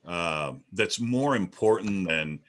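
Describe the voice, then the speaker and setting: A veteran radio broadcaster, a man, projecting loudly in a panel discussion. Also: animated, slow. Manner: projecting, booming delivery. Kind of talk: panel discussion over video call.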